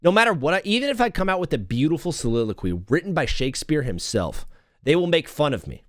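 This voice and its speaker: A young man hosting a live talk show, ranting in an excitable, self-mocking way and jumping between topics. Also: a little high, fast talker, no echo, studio quality. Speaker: radio show host.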